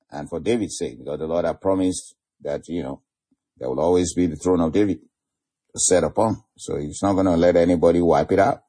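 A man's voice: low-pitched, brisk, dark tone. A man preaching a sermon, laughing often and drawing out key phrases for emphasis.

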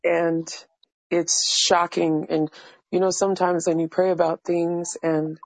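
A woman caller sharing a personal testimony with the pastor, halting and overwhelmed, restarting her sentences. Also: on the low side, flat delivery, vocal fry, dry recording, rough recording.

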